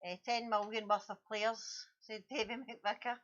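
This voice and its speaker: A woman co-hosting a chat show with quick, brief replies. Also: on the high side, flat delivery, a bit bright, highs cut off. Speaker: co-host.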